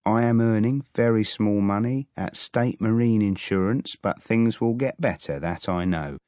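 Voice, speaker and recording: Courteous young married man, read by a man, low and slow, audiobook. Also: a little mellow, no room sound, close to an everyday voice. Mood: polite. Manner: mild, courteous, measured. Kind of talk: audiobook character voice.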